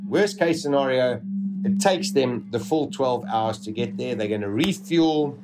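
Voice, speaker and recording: A man's voice: medium pitch, expressive, over loud music. Man telling a dramatic survival story. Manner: vivid, dramatic retelling with pauses.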